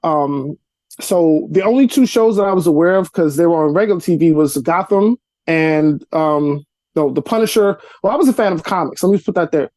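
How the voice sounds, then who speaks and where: A man from Brooklyn spins a story on a video call, his voice mellow and dark in tone. The sound is dry, with no room around it. He acts out the people in his story, jumping higher as he does. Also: brisk, no echo. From Brooklyn, New York. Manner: animated storyteller, acts out dialogue with rising pitch. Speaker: actor and comedian guest. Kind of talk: casual storytelling interview. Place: cluttered apartment room.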